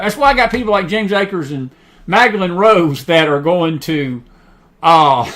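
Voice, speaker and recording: A man's voice: high-pitched, a bit bright. A man hosting an online talk show, talking in a chatty, rambling way with many fillers and restarts. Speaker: host. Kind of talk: casual talk show monologue.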